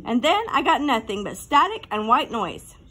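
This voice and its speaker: A woman's voice: fairly high pitch, very animated, normal speed, bright, forceful tone, slightly rough, full character voice. A woman doing an exasperated schoolteacher.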